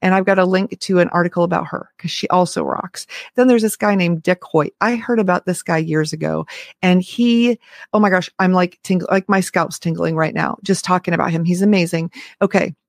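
Gravelly-voiced enthusiastic woman vlogger. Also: fairly low pitch, a little fast, dry recording, clean studio sound. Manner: enthusiastic, emphatic, conversational. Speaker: motivational vlogger. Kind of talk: motivational talk to camera.

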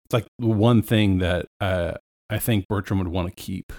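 A man's voice: sits low, moderate pace, a little mellow. A man playing a tabletop role-playing game, describing his character's actions in a hesitant, thoughtful way with many fillers. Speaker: player.

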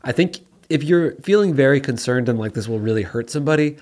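A man co-hosting an advice podcast, talking in a measured way and giving earnest advice. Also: mid-range voice, animated, a little mellow. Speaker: podcast co-host.

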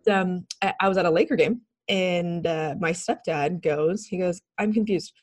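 A woman's voice: on the low side, moderate pace. A woman in her thirties, a podcast guest telling stories casually, laughing often and acting out other people's lines. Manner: animated, laughs often, acts out quoted voices. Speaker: podcast guest, recruiting firm founder. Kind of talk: casual interview storytelling.

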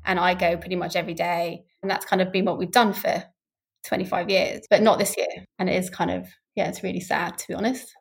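Middle-aged woman, expert guest; creaky, candid, animated delivery. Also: lowish voice, a little fast. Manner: candid, animated, laughs easily. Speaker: scientist guest. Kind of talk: casual explanatory conversation.

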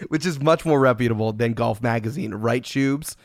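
Male podcast co-host, mid pitch, dry close sound, mock-furious teasing, laughs a lot. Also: normal speed, dry recording. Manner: mock-outraged teasing, giggly. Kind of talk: casual banter and story reading.

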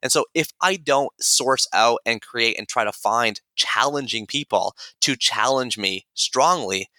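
Bright-voiced man telling a story. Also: medium pitch, measured pace, dry recording. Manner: animated, mimics voices in retold dialogue. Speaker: podcast guest. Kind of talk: casual storytelling.

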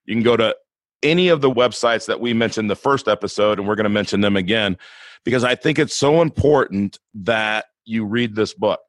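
A man with a fairly low voice hosts a casual podcast chat, earnest and enthusiastic as he talks to his guests. The recording is dry and close, with no room sound. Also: brisk, no echo. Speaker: podcast host.

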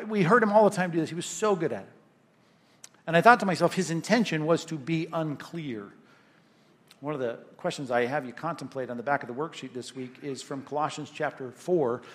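A man's voice: fairly high pitch, fairly bright tone. A male pastor preaching a sermon in an emphatic, conversational way, often checking in with "right?".

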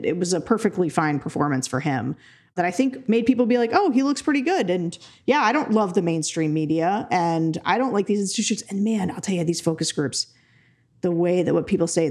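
A woman's voice: mid-range voice, a little mellow. A woman co-hosting a political podcast, talking in a rambling, earnest way with many "like" fillers. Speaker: podcast co-host. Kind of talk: casual political chat.

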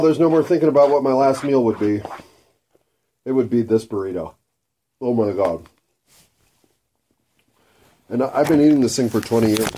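A man with a mellow, relaxed tone rambles through a casual monologue over his meal. He swears freely and drifts from one thought to the next at a middling pitch. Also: breathy edge. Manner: profane, rambling and food-obsessed. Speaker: vlogger.

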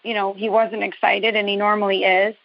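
A woman's voice: mid-range voice, level tone, a little fast, gravelly, no room sound. A woman from New Jersey calling in to a show, telling a long story in a rambling, detailed way with a dash of sarcasm. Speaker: caller. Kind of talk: phone-in storytelling. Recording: dull, dry lo-fi call audio.

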